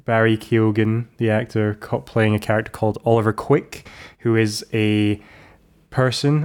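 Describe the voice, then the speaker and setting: A man's voice: on the low side, darkish tone. A man co-hosting a podcast, recapping a film in a rambling, playful way with many restarts. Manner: rambling, self-correcting, playful. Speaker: podcast co-host. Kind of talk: casual chat recapping a film.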